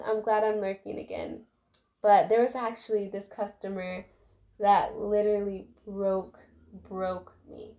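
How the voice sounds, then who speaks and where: A woman's voice: mid-range voice, creaky, warm tone. A young adult woman giving a casual, heartfelt life update to her viewers while doing her hair, talking chattily with many fillers. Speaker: vlogger.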